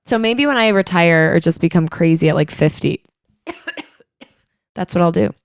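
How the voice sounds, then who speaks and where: Young female podcast co-host, smooth, slightly low voice, easygoing and playful, dry recording. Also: expressive, measured pace, dry recording. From Tampa, Florida. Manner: easygoing, playful, fond of tangents. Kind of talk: casual chat.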